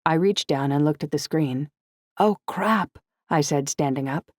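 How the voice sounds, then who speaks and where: Low-voiced woman narrating an audiobook. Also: steady tone, normal speed, a little mellow, no echo, studio quality. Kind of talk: first-person audiobook narration.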